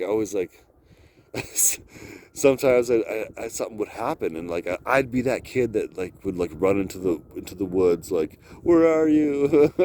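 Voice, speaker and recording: A man's voice: fairly low pitch, warm tone, a little hiss or hum. A man talking to camera outdoors in a loose, drifting monologue, swearing often and laughing between thoughts. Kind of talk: rambling solo vlog monologue. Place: outdoors on icy cliff edge.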